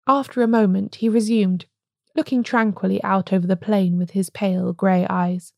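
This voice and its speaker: A woman reads a classic detective story aloud at a steady, unhurried pace, like an audiobook. Her voice is mellow and warm. The recording is dry and close, with no room sound. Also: medium pitch, vocal fry, no room sound. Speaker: podcast host and narrator.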